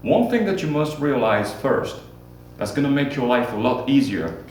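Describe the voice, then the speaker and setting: A man's voice: medium pitch, big pitch swings, normal speed, a little mellow. A man teaching a Spanish grammar lesson at the board, repeating key points and drilling forms for students to repeat. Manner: repetitive, drills students with call-and-response. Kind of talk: classroom lesson at a whiteboard. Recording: very echoey room, distant mic, faint hum.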